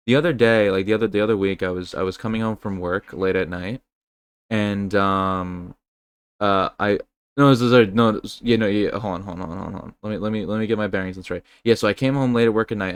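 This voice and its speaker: Low, smooth-voiced man telling rambling stories. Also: no echo. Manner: rambling, profane, animated storytelling. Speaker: podcast co-host. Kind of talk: casual podcast chat.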